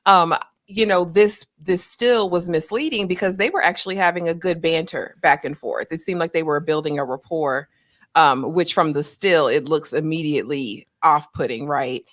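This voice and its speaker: A woman co-reviewing a TV episode, talking in a measured, thoughtful way with a few fillers. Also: deep voice, a bit bright. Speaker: co-host reviewer. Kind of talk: casual review discussion.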